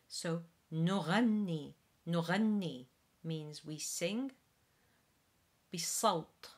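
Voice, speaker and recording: A woman from Wales, a soprano, giving a spoken pronunciation lesson, demonstrating sounds slowly and carefully. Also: lowish voice. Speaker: singing pronunciation teacher.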